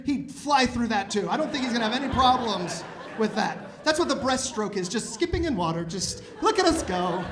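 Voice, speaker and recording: A man in his thirties doing a stand-up comedy set in a comedy club, with animated, exasperated ranting that climbs to loud outbursts. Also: extremely high pitch, background noise. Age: 30s.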